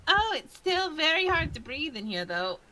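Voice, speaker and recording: A woman's voice: high voice, big pitch swings, normal speed, crowd noise, poor audio. A woman playing a tabletop game, giggly and enthusiastic. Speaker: player. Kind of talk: casual tabletop play.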